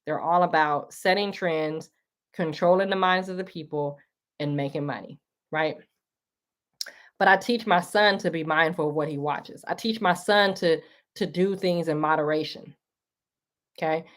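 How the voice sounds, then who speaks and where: Woman, earnest, preachy, slightly low voice, casual monologue. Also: moderate pace, long pauses. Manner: earnest, preachy, addresses listeners as y'all. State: emotional, tearing up. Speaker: livestream host.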